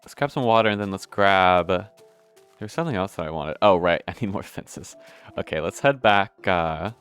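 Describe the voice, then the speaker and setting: A young man with a low, deep voice talks his way through a building game, rambling and correcting himself as he goes. He swears casually and hiccups between lines. Soft music plays faintly underneath. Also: moderate pace, smooth. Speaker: gameplay video host. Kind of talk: casual gameplay commentary.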